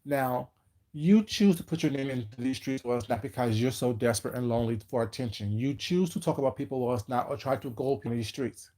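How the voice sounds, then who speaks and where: Mellow-voiced man hosting a livestream. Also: medium pitch. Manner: greets viewers by name, calls them baby; slow, emphatic, confrontational call-outs. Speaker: livestream host. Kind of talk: casual livestream chat.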